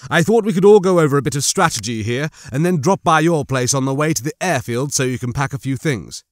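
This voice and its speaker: A man voicing a calm male team leader who speaks formally and lays out plans in a measured way, in an audiobook. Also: mid-range voice, no echo, clean studio sound, natural voice.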